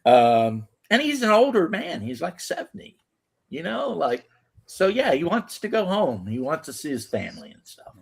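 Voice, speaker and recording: Animated American man chatting casually. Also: medium pitch, normal speed, vocal fry, husky. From United States. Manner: animated storytelling, swearing. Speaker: podcast host. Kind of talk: casual chat.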